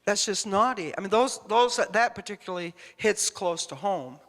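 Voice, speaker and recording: A woman's voice: mid-range voice, expressive, moderate pace, fairly bright tone. Woman, church speaker, conversational sermon, emphatic, rambling, long hall reverb. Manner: emphatic, rambling, questions the congregation.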